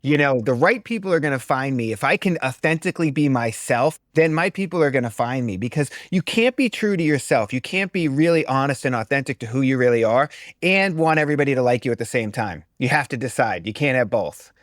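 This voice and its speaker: A straight-talking man from the US East Coast, speaking at an ordinary middle pitch. He is a breathwork teacher chatting as a guest, blunt and emphatic. The recording is close and dry, with no room sound. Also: lively intonation, brisk, no room sound. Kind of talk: casual conversation.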